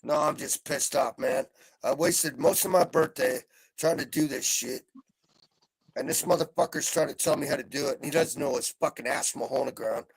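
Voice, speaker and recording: A middle-aged man on a live video call, venting in a heavily profane rant that swings between calm and yelling. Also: a little high, a little fast, gravelly, husky, no room sound. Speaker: panel guest. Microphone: video call mic.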